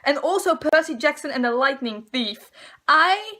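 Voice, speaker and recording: Young woman book vlogger, high voice, ranting and exasperated, casual monologue. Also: lively intonation, normal speed, bright, forceful tone. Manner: exasperated, ranting, dramatic sighs.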